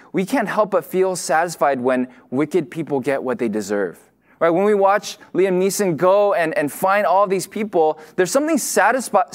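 A man delivering a sermon in an easygoing, conversational way. His voice sits a little high for a man, and he piles on fillers and restarts. He admits he tends to rush his words. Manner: casual, full of fillers like "you know" and "like"; says he tends to talk fast. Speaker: pastor.

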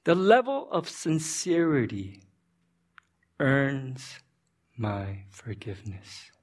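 A male pastor preaching a sermon, telling an animated story that he acts out and checking in with his listeners. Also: medium pitch, takes it slowly.

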